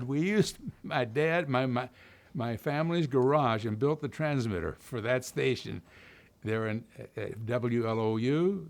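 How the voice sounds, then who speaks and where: Older Kentucky-raised man telling stories. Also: medium pitch. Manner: relaxed storytelling with many fillers and restarts. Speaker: interviewee. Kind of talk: oral history interview.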